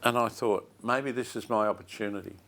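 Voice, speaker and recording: An older man, preaching a sermon as a pastor and telling a story slowly and with feeling, repeating his phrases. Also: on the low side, fairly even intonation, a bit bright.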